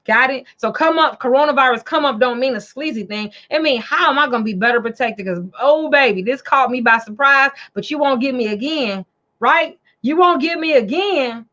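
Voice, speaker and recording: A high-voiced woman from Chicago hosts a casual livestream, chatty and animated, circling back over the same words again and again. The sound is dull and lo-fi, like a home stream. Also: brisk. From Chicago, USA. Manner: animated, chatty, repeats phrases. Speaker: show host and financial coach.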